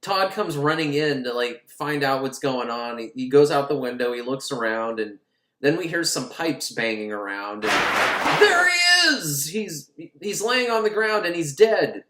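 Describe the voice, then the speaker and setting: Sarcastic, profane male film recapper, lively pitch, echoey room. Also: moderate pace. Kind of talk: casual comedic film recap.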